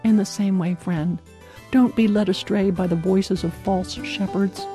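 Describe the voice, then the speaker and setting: Woman, devotional talk, earnest, carefully enunciated, mellow tone, faint music behind. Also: mid-range voice, steady tone, normal speed. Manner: warm, earnest, laughs often; clear, carefully enunciated delivery. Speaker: devotional speaker.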